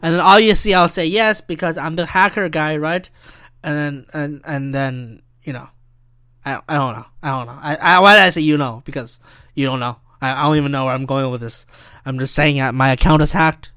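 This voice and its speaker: A man's voice: on the high side, a little fast, sharp tone, clear, resonant tone. A young man hosting a solo podcast, rambling and swearing, often cutting himself off mid-sentence. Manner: rambling, profane, self-interrupting. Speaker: podcast host.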